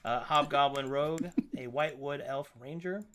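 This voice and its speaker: Bright-voiced laughing game master. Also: male voice, mid-range voice, moderate pace, slight background noise. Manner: laughs a lot, relaxed and joking. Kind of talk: casual tabletop session chat.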